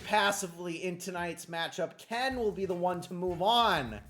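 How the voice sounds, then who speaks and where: A man with a Wisconsin accent hosts a streamed game tournament and talks to his viewers between matches. During matches he calls the action play by play in a high, lively voice that climbs as things heat up. Soft music plays underneath. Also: normal speed, few pauses. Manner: chatty, addresses chat viewers, rises to excited play-by-play. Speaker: tournament host and commentator. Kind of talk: live-stream play-by-play commentary.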